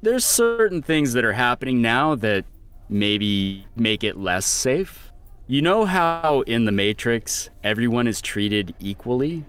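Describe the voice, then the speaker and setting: Man doing a solemn rebel mentor, slow, grave, swooping intonation, comedy sketch. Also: medium pitch, very animated, fairly bright tone, clear, resonant tone. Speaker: sketch performer.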